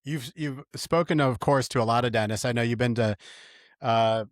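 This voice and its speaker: A man hosts a podcast conversation, asking questions and responding warmly to his guest's stories. His pitch is medium for a man. The recording is dry and close to the mic. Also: moderate pace, dry recording. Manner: friendly, affirming listener. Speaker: podcast host, dentist. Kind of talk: conversational interview.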